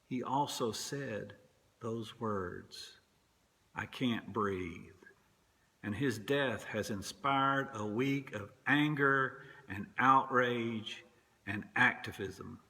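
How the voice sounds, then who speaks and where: Man, pastor, slow sermon delivery, bright tone, reverberant sanctuary. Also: fairly low pitch. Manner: slow, deliberate preaching that drops to a whisper at times. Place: church sanctuary.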